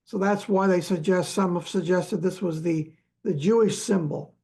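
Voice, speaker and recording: A man, an archaeologist, telling stories from his digs in a relaxed, halting way, full of fillers and small chuckles. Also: high voice. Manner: halting, many fillers and restarts, chuckles often. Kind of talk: relaxed storytelling chat.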